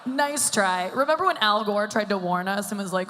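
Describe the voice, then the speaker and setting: Brisk and a bit bright, this woman's mid-range voice carries a rambling, self-deprecating stand-up set full of fillers. She's a comedian in her thirties on a stage mic at a large hall's comedy stage, recorded live with long reverb.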